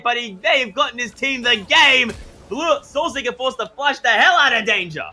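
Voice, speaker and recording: A man with an Australian accent giving excitable play-by-play commentary on a school esports match, shouting at the big plays. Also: extremely high pitch, moderate pace. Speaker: esports caster.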